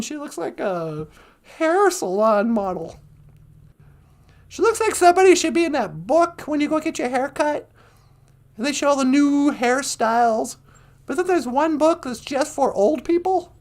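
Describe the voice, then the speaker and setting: A woman hosting a live-stream podcast in casual chat, laughing often and reading lines slowly and dreamily. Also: high voice, darkish tone. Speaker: podcast host.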